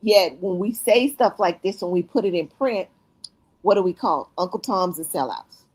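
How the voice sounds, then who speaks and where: A woman's voice: lowish voice, moderate pace, a little mellow, breathy edge. A woman chatting as a guest on a live stream, telling stories and acting out her own reactions in quoted asides. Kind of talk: animated casual chat.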